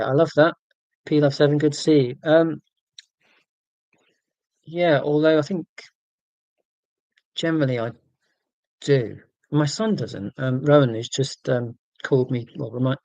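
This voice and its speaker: English guy in his 40s, near-london accent, flat monotone livestream chat, mid pitch, dry sound. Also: no echo, poor audio. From England, near London. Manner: monotone, careful and deliberate about being clear. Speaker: livestream host. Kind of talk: casual livestream chat, reading out viewer comments.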